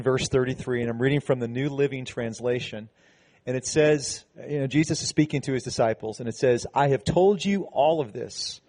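A man's voice: medium pitch, darkish tone. A man, a pastor, giving a sermon in a conversational, preaching way, with frequent restarts and emphatic passages.

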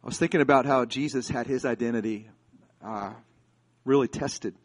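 A man's voice: medium pitch, moderate pace. A man in his forties from the United States, preaching a sermon as a pastor. He tells stories in a chatty way, then builds to fervent, emphatic preaching.

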